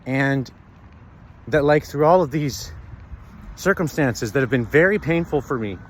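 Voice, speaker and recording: A man talking earnestly and haltingly to camera while walking outdoors, often pausing to search for words. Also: medium pitch, a little hiss or hum. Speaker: vlogger. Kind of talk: reflective personal talk.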